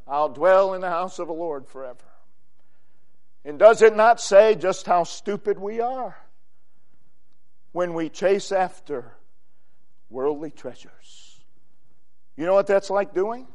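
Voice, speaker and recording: A man preaching a sermon, emphatic, swinging between loud exclamations and quiet low phrases.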